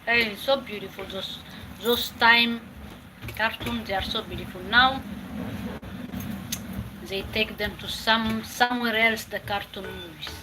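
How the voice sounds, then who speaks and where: A woman chats as she cooks in a home kitchen, her voice sitting a bit high. She repeats herself and drops Italian words into her talk. Dishes and pans clatter clearly behind her. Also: steady tone, measured pace, pauses often, background noise. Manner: talks while cooking, repeating phrases, mixing in Italian words. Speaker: home cook vlogger. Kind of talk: casual cooking vlog with advice.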